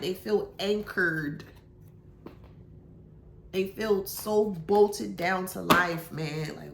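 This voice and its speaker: Woman doing a slow slangy tarot reading, kinda low and gravelly, echoey room w/ faint hiss. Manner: slangy, musing aloud with sudden exclamations. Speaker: tarot reader. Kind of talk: casual spiritual reading.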